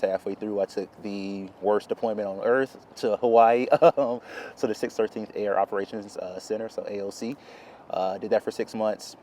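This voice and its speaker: A man in his thirties from North Carolina, hoarse today, telling his career story as a guest in a casual interview with easy laughs and many fillers. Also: lowish voice, a little hiss or hum. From Charlotte, North Carolina. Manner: relaxed, laughs between stories, uh-filled. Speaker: guest, Air Force intelligence officer.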